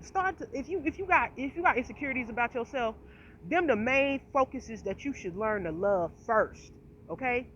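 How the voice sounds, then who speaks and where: A channel host rants straight to camera in a passionate, profane, emphatic way, repeatedly saying "you feel me." Her bright voice is on the high side, animated, and at a moderate pace, with a slight speech impediment. The lo-fi audio sounds slightly dull with faint noise.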